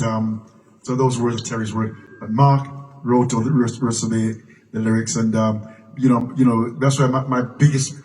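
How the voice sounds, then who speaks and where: A man's voice: medium pitch, darkish tone. An older man from Jamaica, telling stories as a guest at a live Q&A in a museum room. He often repeats and restarts words and breaks into bits of song. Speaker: guest musician at a Q&A. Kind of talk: live storytelling at a public Q&A. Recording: distant mic with faint room noise.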